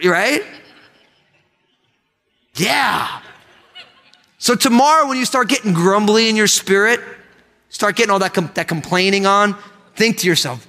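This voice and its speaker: A man preaching a sermon to his church, animated and leading the congregation in call-and-response. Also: a little high, normal speed. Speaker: pastor. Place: church sanctuary. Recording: long hall reverb.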